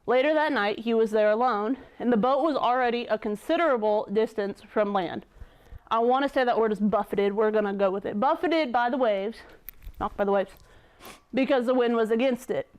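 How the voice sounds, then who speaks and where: A young woman giving a casual youth sermon, reading scripture and chatting it over in a relaxed, conversational way. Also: fairly high pitch, fairly quick, clear, resonant tone. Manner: chatty, conversational, many "like" fillers. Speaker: youth leader.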